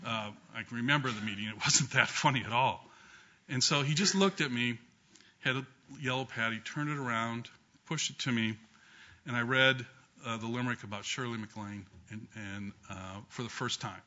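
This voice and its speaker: Bright-voiced man telling a funny memorial story. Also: mid-range voice, moderate pace. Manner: humorous storytelling with frequent ums and restarts. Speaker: law professor giving memorial remarks. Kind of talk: anecdotal speech at a memorial gathering. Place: law school courtroom with an audience. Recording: dull lo-fi recording.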